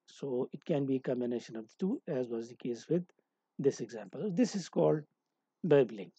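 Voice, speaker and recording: Dark-voiced man lecturing, halting delivery. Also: a little high, breathy edge, no room sound, lo-fi sound. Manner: explaining with many hesitations and restarts. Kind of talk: recorded lecture.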